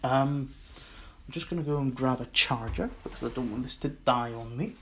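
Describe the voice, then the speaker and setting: A man's voice: medium pitch, normal speed, a bit bright, slight background noise. A man with a Scottish accent hosting his own podcast, rambling and self-mocking in a casual solo monologue. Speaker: podcast host.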